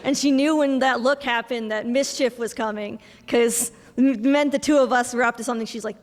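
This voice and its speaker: A young woman giving a memorial speech for her mother, telling family stories with soft laughs and acting out bits of dialogue. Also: on the high side, fairly even intonation, normal speed, hardly any pauses. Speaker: eulogy speaker, daughter of the deceased. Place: memorial service hall. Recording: long reverb of a large hall.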